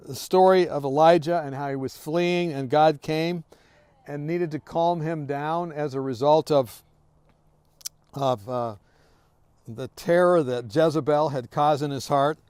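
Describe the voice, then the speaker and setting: A man giving an earnest devotional talk, telling a story from his workplace and often dropping to a hushed, quiet voice. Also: a little high, clean tone, dry recording. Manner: earnest, sinks to a hushed near-whisper. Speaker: devotional speaker.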